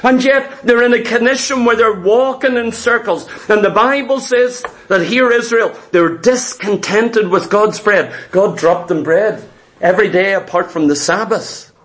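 A man's voice: sits high, normal speed, a bit bright. A man preaching a sermon with an emphatic, repetitive cadence.

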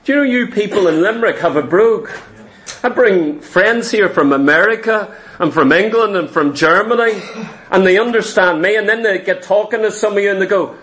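A man with a very high voice preaches a sermon with emphatic repetition. He throws out rhetorical questions and clears his throat now and then. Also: fairly quick, a bit bright.

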